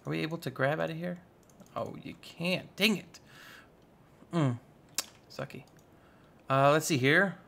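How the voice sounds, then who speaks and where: A young man giving casual, goofy let's-play commentary, chatting excitedly with his viewers. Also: fairly high pitch, vocal fry. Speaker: gaming YouTuber.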